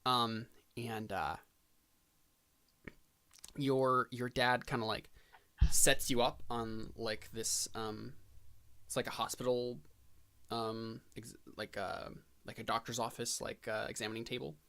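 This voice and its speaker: Halting man narrating a tabletop game. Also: medium pitch, level tone, bright, forceful tone, clear, resonant tone. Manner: halting, full of fillers and restarts. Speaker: game master.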